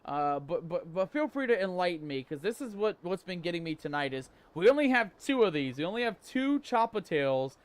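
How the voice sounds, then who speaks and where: A man's voice: sits high, sing-song, a little fast, hardly any pauses. A man hosting a live gameplay stream, chatty and upbeat, greeting viewers with pirate slang. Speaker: livestream host.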